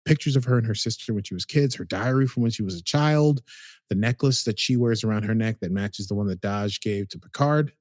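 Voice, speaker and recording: A man's voice: lowish voice, brisk, a little mellow, dry recording, clean studio sound. A man casually recapping a TV episode as a podcast co-host, rambling and chatty with lots of "like"s.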